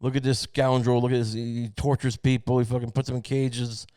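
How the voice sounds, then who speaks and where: Guy putting on a crude old politician, brags and throws insults, flat dry sound, nothing around it. middle pitch, plain voice, just mean and loud-mouthed. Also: fairly quick, clean tone, no room sound, natural voice. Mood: insulting.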